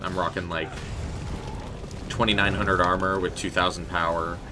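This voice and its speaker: A man with a low, deep voice gives loose, rambling commentary while he plays. He talks straight to his viewers and answers their messages. The audio has clear background noise and game sounds. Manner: chatty and rambling, talking to chat. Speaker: game streamer. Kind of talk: casual live gameplay commentary.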